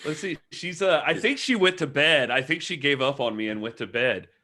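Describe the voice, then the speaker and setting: A man hosting a casual live online chat over a video call, self-deprecating and quick to giggle. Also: fairly high pitch, pushed and bright. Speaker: host.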